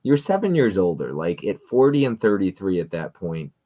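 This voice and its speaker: Deep-voiced blunt man in his thirties. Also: very animated, normal speed, dark tone. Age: 30s. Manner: blunt, opinionated, swears freely. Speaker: podcast host. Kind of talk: casual chat.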